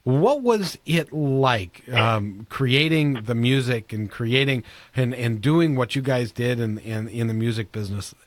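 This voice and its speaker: A man hosting a radio interview, eager and quick to agree with his guests, often restarting his sentences. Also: mid-range voice, animated, dry recording. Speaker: radio show host. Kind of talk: casual interview chat.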